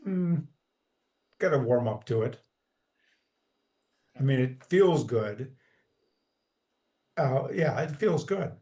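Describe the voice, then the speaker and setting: A man's voice: mid-range voice, expressive, slow pace, long pauses, warm tone. A man in an online class who gives brief, thoughtful replies over a video call. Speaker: class participant.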